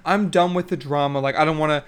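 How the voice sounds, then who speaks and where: A man's voice: a little high, quick pace, clear, resonant tone, natural voice. A man mockingly mimicking a petty, dismissive young woman on a reality show, in a whiny voice.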